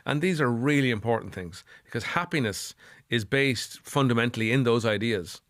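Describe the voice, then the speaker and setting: A man's voice: mid-range voice, animated, moderate pace, a bit bright, no room sound, clean studio sound. A middle-aged Irish man speaking as a psychotherapist guest on a podcast, earnest and repeating phrases for emphasis. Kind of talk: podcast interview.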